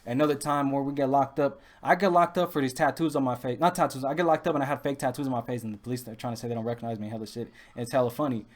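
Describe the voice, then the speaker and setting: A man's voice: mid-range voice, steady tone, very fast, hardly any pauses. A young man, telling rambling stories casually with lots of restarts and street slang. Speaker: podcast host. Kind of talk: casual storytelling.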